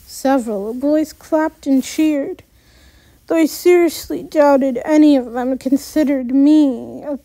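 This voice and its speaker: A woman's voice: sits high, takes it slowly, warm tone, no room sound. A woman reading a first-person story aloud, with restarts and little asides. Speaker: story reader.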